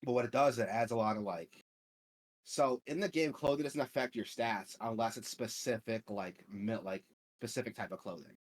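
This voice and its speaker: A man's voice: fairly low pitch, moderate pace. A man hosting a gaming podcast, chatting casually in a profane, rambling way full of filler words. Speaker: podcast host.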